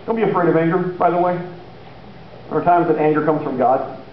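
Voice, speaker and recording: A man's voice: on the high side, a little fast. A man preaching a sermon in a church, telling the story casually and acting out the voices of the people in it. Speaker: pastor. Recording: echoey room, dull lo-fi sound, faint hiss.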